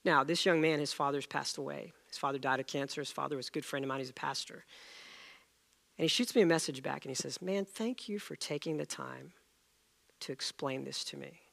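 Gravelly, bright-voiced storytelling preacher. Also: male voice, on the high side, brisk. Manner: animated storyteller acting out dialogue. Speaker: pastor. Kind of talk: sermon storytelling.

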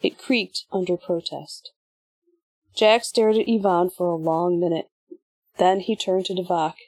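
A woman reading an audiobook in measured, even scripted narration. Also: fairly low pitch, breathy edge, no echo.

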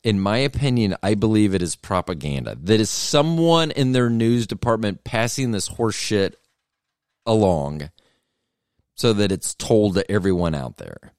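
Rambling middle-aged man, lively low voice. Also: measured pace, no echo, studio quality. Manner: meandering, self-interrupting storytelling. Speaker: podcast host. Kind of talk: rambling comedic monologue.

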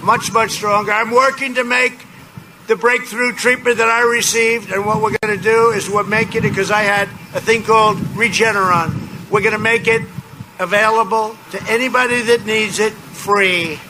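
A man's voice: high-pitched, fairly even intonation, normal speed. A man giving a rambling, boastful campaign rally speech, repeating his phrases, outdoors. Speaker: political candidate at a campaign rally. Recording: loud outdoor noise behind.

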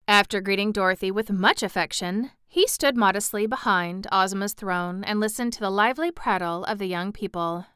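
A woman reads a children's fantasy story aloud in an even, expressive manner. Her voice is bright and exceptionally clear, captured close and dry with no room sound. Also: medium pitch, no room sound. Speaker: audiobook narrator. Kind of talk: scripted storybook narration.

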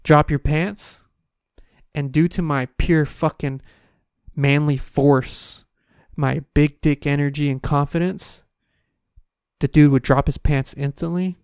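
A man's voice: a little high, fairly even intonation, measured pace, darkish tone, smooth, no room sound, clean studio sound. Crude, exasperated ranting man. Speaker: comedic ranter. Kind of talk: profane comedic rant.

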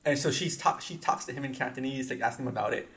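A man's voice: mid-range voice, fast talker. A young man from the Los Angeles area, co-hosting a podcast and telling stories in casual chat, acting out the quotes. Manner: animated storytelling, acting out quotes. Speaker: podcast co-host.

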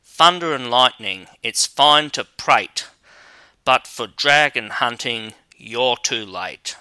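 A man's voice: mid-range voice, animated, takes it slowly, sharp tone, smooth, no echo, full character voice, poor audio. A man voicing a sarcastic companion in a storybook tale, mocking in rhyme.

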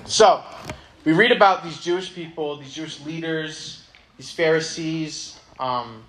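A man's voice: a little high, fairly bright tone. Casual young man preaching to a youth group. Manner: casual, conversational, many ums. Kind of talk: sermon with Bible reading.

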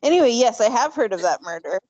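A woman co-hosting a podcast in casual chat, playful and quick to laugh. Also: a little high, lively intonation, darkish tone, no echo. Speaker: podcast co-host.

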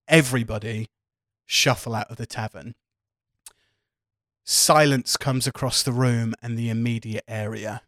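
Man game master narrating a tabletop game, calm and measured, dry close sound. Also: mid-range voice, no echo.

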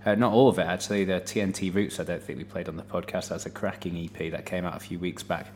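A man's voice: low voice, fast, a little hiss or hum. A man hosting a music podcast, chatting casually between tracks with many fillers. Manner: relaxed, hesitant with fillers. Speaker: radio podcast host.

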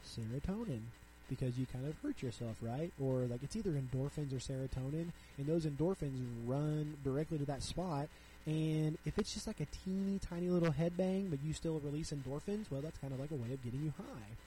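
Chatty young dad podcasting solo. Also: male voice, fairly high pitch, a little fast, warm tone, slight background noise, low-quality recording. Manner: chatty, frequent "like", reads articles aloud then riffs. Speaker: podcast host. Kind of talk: casual solo podcast commentary.

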